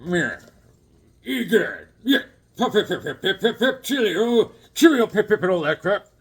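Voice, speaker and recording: Man doing a mock-posh English hero, pompous, raised pitch, giggly and loud. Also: big pitch swings, unhurried, exaggerated voice. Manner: silly mock-posh chatter, laughing through it.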